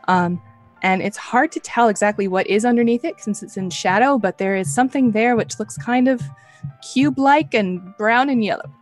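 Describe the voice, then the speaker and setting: A woman's voice: fairly high pitch, moderate pace, soft background music. A young woman narrating a tabletop game as game master in a loose, chatty way with many fillers.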